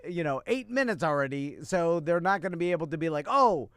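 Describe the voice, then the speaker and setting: A man from Miami co-hosting a podcast, laughing easily and talking in halting, filler-filled casual chat. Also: a little high, lively intonation, a bit bright, clean tone, no echo, studio quality. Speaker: podcast co-host.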